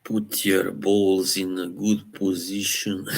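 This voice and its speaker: A young man with an Eastern European accent, hosting a casual live chat, relaxed and halting, laughing often. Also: low-pitched, gravelly. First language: Slavic language. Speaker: livestream host.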